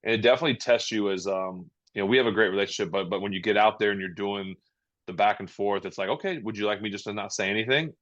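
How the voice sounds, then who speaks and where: Low-voiced man rambling on a lo-fi line. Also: fairly bright tone. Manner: rambling, halting, many restarts and fillers. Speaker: podcast guest. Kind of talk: casual interview chat.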